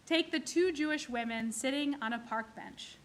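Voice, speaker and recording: A woman's voice: high voice, moderate pace, a little hiss or hum. A woman from the clergy giving a sermon in a synagogue, telling jokes and acting out their characters. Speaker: clergy leading a service.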